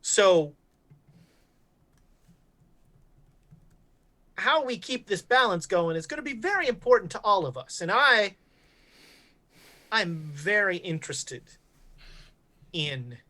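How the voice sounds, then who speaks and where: A woman's voice: fairly low pitch, lively intonation, measured pace, pauses often, pushed and bright, full character voice. A woman playing a shrewd old-west town founder. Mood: measured. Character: shrewd male town founder, cordial and calculating. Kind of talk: tabletop game character voice.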